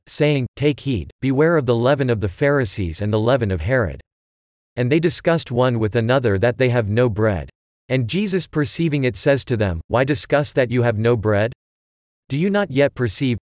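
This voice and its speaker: A man giving a measured scripture reading, phrase by phrase. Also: mid-range voice, dry recording, clean studio sound. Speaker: scripture reader.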